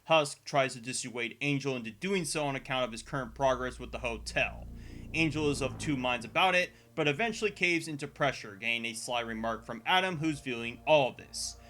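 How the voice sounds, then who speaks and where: A man delivering scripted commentary as a video essayist, sarcastic and profane, with sudden exasperated jumps in pitch. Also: a little fast, sharp tone. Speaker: video essayist reviewing a show.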